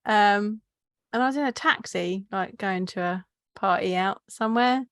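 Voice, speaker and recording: A woman's voice: mid-range voice, normal speed, fairly bright tone, no room sound. A woman from Kent with a southern English accent, co-hosting a podcast and telling stories with frequent laughs. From Kent, England. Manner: laughs often, chatty storyteller. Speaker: podcast co-host. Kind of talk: casual chat.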